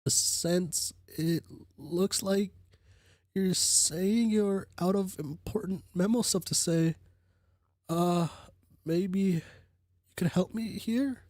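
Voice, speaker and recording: Man doing a hesitant young guy, pitched up. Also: slow pace, pauses often, darkish tone, no room sound, studio quality. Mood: pleading.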